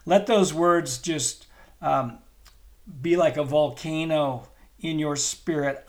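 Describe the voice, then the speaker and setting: A man's voice: fairly high pitch, a little slow. A middle-aged man preaching a podcast sermon with enthusiastic, emphatic delivery and repeated phrases. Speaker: pastor.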